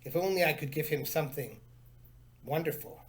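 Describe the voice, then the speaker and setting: A man voicing a kind, simple old hermit in a storybook reading, speaking warmly and wistfully. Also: a little high, animated, moderate pace, background noise, lightly acted. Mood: welcoming.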